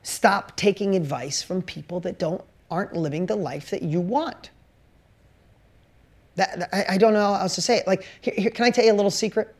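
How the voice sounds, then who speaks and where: A woman's voice: mid-range voice, moderate pace. A woman coaching a room of course members through a motivational talk. Her delivery is punchy and emphatic, and she keeps firing rhetorical questions straight at her listeners. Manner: speaks directly to listeners. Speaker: business coach.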